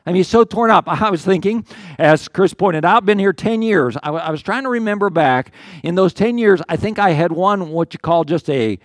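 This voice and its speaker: A man's voice: high voice, animated, normal speed, no room sound. Earnest older man preaching, dry close sound. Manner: conversational, earnest, with many restarts and acted quotes of the psalmist. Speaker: pastor. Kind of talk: sermon.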